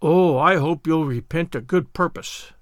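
A severe older woman scolds with sarcasm and sharp demands, as a man puts her on while reading. Her voice is raised high and swings widely. It is recorded close and dry. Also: big pitch swings, normal speed, no echo. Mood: stern.

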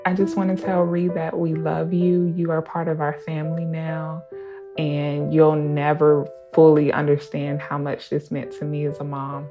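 Low-voiced mother telling her story. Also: monotone, moderate pace, music in the background. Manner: casual, conversational, laughs while telling. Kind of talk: recorded personal story.

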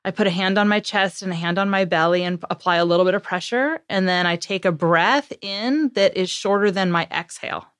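A woman's voice: mid-range voice, fairly quick, few pauses, clean tone, no echo, clean studio sound. A woman guest on a podcast interview, talking casually as a parenting author and acting out the lines she and her kids said. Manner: lively storyteller who acts out what she and her kids said; conversational, with fillers and laughs.

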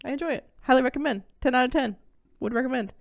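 A woman's voice: high-pitched, quick pace, dry recording, clean studio sound. A woman hosting a podcast, chatting casually and enthusiastically. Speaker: podcast host. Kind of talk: casual chat.

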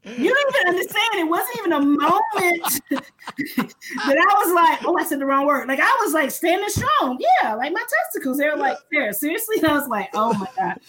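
Lively high-voiced woman telling a story. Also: moderate pace, crowd noise, poor audio. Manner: lively, self-mocking, acts out the voices of others. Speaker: podcast co-host and speaker. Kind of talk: casual storytelling.

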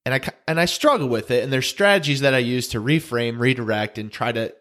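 Here a male co-host talks a little fast in a fairly bright, mid-range voice. The podcast conversation is casual, and he sounds earnest and emotional, frequently repeating his words.

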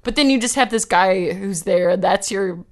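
A woman telling a story in casual chat, animated and giggly, acting out the people she quotes. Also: medium pitch, unhurried.

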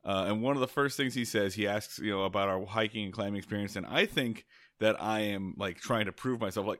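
Bright-voiced man telling a rambling story. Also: on the low side, quick pace, dry recording, studio quality. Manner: rambling storyteller, restarts and laughs. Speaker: podcast co-host. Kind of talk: casual podcast chat.

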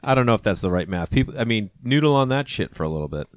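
Comedian guy hosting a podcast, rambly and relaxed, dry close sound. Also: on the low side, very fast, smooth, no echo. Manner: relaxed, rambling, acts out quoted people. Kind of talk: casual conversation.

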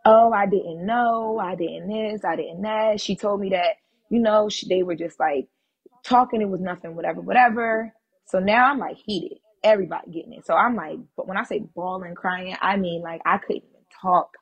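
A woman guest on a podcast, telling a personal story in a casual, animated and blunt way, swearing freely. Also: on the low side, a little fast, husky, highs cut off.

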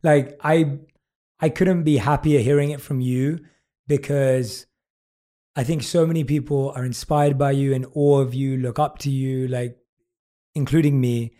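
Effusive British man with a mellow voice. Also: mid-range voice, fairly even intonation, unhurried. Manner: effusive, reads aloud from a book. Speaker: interviewer. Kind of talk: warm podcast interview.

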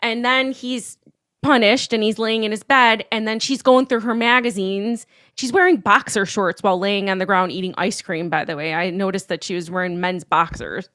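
A woman co-hosting a casual chat, recapping a movie plot with quick asides. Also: medium pitch, steady tone, fairly bright tone. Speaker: podcast co-host.

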